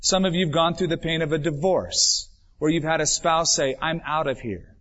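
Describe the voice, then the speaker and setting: A man preaching from the pulpit, his voice swelling with emphasis and then falling away to a hush. It sits a little higher than most men's voices. The old recording sounds dull and muffled, like a church tape from the nineties. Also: fairly even intonation, moderate pace. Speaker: pastor. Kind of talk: sermon.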